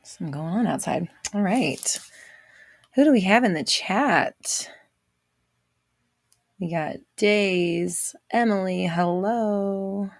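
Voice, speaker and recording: A woman's voice: mid-range voice, takes it slowly, gravelly, pauses often, no room sound, clean studio sound. A woman hosting a livestream, chatting casually with viewers, reading out their names and laughing often. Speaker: host of a livestream show. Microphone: visible desk microphone on an arm.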